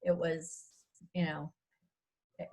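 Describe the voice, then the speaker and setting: A middle-aged author on a video call rambles casually about her audiobook at a writers' workshop. Her voice is low-pitched, slow and a little mellow, with a level tone, and the audio quality is poor.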